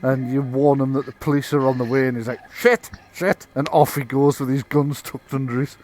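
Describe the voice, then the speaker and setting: A man's voice: medium pitch, flat delivery, brisk, dark tone. Give me a chatty man running a tabletop game. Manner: chatty, laughing, loose. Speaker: game master.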